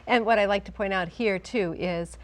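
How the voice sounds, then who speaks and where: A woman hosting a television interview, affirming her guest with quick interjections. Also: medium pitch. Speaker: talk show host.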